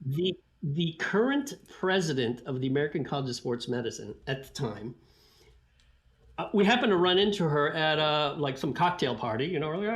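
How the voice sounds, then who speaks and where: A middle-aged man, a scientist guest on a podcast, telling stories in an animated way, laughing and acting out what people said. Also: fairly high pitch, a little fast. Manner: animated, laughing, acts out quotes. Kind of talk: podcast storytelling.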